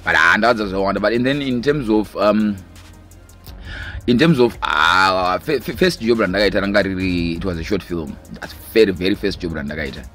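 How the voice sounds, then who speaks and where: A man's voice: deep voice, expressive, brisk, a bit bright, soft background music. A man, a filmmaker, talking casually in a rambling way, switching between Shona and English. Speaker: interviewed filmmaker. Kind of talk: casual recorded interview.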